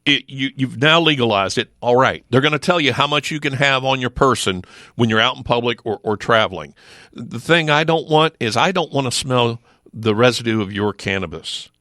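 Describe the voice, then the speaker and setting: A middle-aged man speaks as a regular guest in a radio studio. His voice is bright and forceful, and the close mic gives a dry sound. His talk is emphatic, with rhetorical questions and quick restarts. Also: medium pitch, expressive, no room sound. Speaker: sheriff's office lieutenant, regular guest. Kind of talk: casual studio chat.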